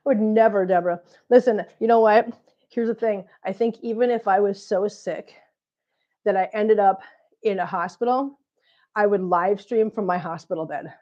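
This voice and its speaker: A woman hosts a casual livestream while short of breath from chest congestion. She chats, teases viewers and reads out their comments, and her heavy breathing sits right on the close mic. Her voice is mellow and dark, and the livestream audio is dull and lo-fi. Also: mid-range voice, moderate pace. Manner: chatty, teasing, laughs often, reads out viewer comments. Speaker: cat channel livestream host. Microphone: close mic, breathing audible.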